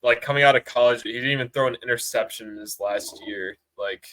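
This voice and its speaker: A man co-hosts a football podcast in relaxed, casual chat. He speaks at a middle pitch and often hesitates and trails off mid-thought. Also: a little fast, rough recording. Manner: laid-back, hesitant, trails off with filler. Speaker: podcast co-host.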